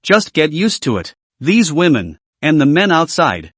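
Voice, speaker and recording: A calm, worldly male advisor, soft-spoken, as a narrator reads him. The voice sits a bit high with a lively pitch, in a dry, close recording. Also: a little slow, dry recording.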